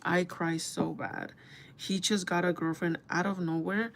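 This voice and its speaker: Chatty young woman, lowish voice. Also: steady tone, a little slow, gravelly, a bit bright, a little hiss or hum. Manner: chatty, candid, swears freely. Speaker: beauty vlogger. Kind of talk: casual storytime chat while doing makeup.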